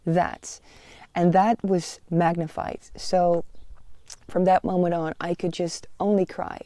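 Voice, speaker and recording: A woman's voice: fairly low pitch, level tone, takes it slowly, warm tone, dry recording. A woman hosting a personal podcast, talking in an earnest, confessional way with frequent "you know" fillers. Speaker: podcast host.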